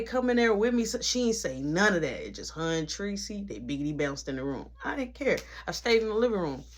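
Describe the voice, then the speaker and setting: A person telling a dramatic personal story in casual, slangy speech full of asides. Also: female voice, medium pitch. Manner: slangy, animated retelling with many asides.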